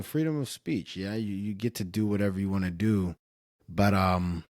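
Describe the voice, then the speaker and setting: Low-voiced man rambling on a livestream. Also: darkish tone, no room sound, clean studio sound. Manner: rambling, self-interrupting. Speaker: streamer. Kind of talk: casual livestream commentary.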